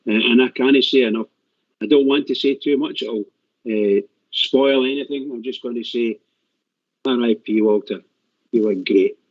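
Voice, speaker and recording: A man's voice: medium pitch, normal speed, no echo. A man speaking on a call-in show, heartfelt and repeating himself. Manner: repetitive, heartfelt. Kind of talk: casual call-in chat. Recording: dull lo-fi stream audio.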